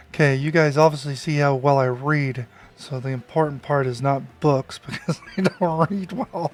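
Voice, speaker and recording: A man's voice: a little high, normal speed, hardly any pauses, faint music behind. A man giving casual commentary while playing a game, laughing often and joking about his own misreadings. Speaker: let's play streamer.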